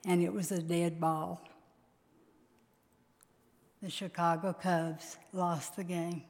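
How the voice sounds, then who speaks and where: Slow, emphatic woman preaching in a hall. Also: on the low side, flat delivery. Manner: emotive, slow and emphatic with sudden loud peaks. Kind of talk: sermon. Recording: long reverb of a large hall.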